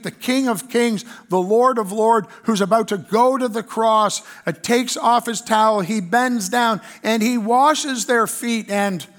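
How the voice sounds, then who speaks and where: A pastor with a Canadian accent preaching a sermon in an earnest way, reading scripture aloud with fillers. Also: male voice, high-pitched, a bit bright.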